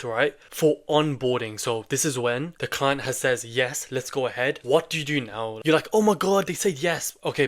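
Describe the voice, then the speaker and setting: A British man giving a casual sales and software tutorial, chatty and loose, often checking in with "right?" and "okay?". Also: mid-range voice. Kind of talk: casual instructional talk.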